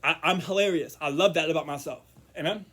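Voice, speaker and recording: Talking fast with a voice on the high side, a man delivers a rambling vlog straight to camera. Repeated words, restarts and softly murmured asides run through his casual monologue.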